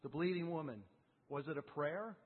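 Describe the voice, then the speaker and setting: A man's voice: a little high, moderate pace, slightly rough. A man preaching a sermon, firing off rhetorical questions and acting out the quotes himself. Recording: phone-like sound with long reverb.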